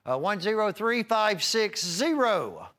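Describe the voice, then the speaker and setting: A man's voice: sits high, big pitch swings, takes it slowly, a bit bright. A man hosting a live home shopping broadcast, chatting in a folksy, rambling way while reeling off prices and item numbers. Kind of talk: live televised sales pitch.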